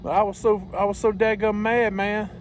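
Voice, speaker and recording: A man's voice: high-pitched, flat delivery, moderate pace, a little hiss or hum. A man talking casually to his phone camera as a truck-driving vlogger, chatty and exasperated, laughing often. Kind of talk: casual vlog rant. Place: truck cab and loading dock.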